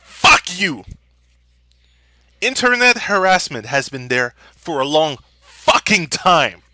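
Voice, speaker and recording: Furious high-voiced young man ranting. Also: sing-song, takes it slowly, no room sound, clean studio sound. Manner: furious, profane, shouting at times. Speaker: vlogger. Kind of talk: angry rant.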